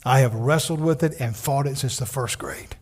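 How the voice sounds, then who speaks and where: A man's voice: mid-range voice, normal speed, breathy edge. Earnest pastor in his fifties. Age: 50s. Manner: earnest, swings from loud emphasis to soft whispers. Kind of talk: sermon.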